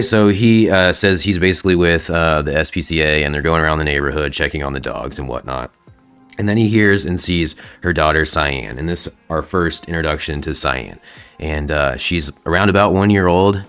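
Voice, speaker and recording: A man's voice: extremely low pitch, normal speed, a bit bright, clean tone. A man hosting a casual comic book recap, laid-back and slangy, with lots of fillers. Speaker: host.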